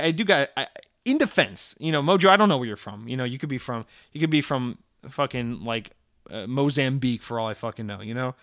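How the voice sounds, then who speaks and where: A man's voice: mid-range voice, fairly bright tone, no room sound, studio quality. A young man from Georgia with a plain General American accent, a podcast host answering listener letters in a rambling, sarcastic, profane chat. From Georgia, USA. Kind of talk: casual chat.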